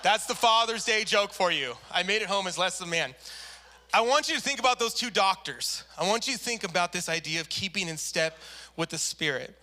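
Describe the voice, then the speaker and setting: A male pastor tells a personal story in a sermon, animated and expressive. His voice sits high for a man and sounds very bright and forward. He slips into quoted voices as he goes. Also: fairly quick. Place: church service.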